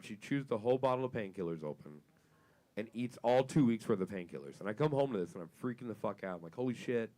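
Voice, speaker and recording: A young man performing a stand-up comedy set, telling a profane story and building up to loud punchlines on a club stage. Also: lowish voice.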